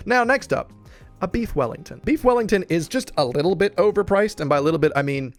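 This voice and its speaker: A young man from the United States giving casual, playful tier-list commentary on food, with joking asides and quick self-corrections. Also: high voice, lively intonation, soft background music. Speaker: food vlogger ranking dishes.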